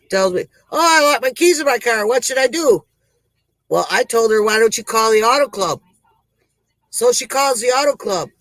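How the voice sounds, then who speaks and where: Male performer as a rambling, breathless country-woman comic host; high voice, slow, dry close sound. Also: pushed and bright, no echo, exaggerated voice, low-quality recording. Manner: rambling, sighing between jokes. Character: folksy joke-telling country woman host. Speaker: comedy show host. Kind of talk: comic monologue.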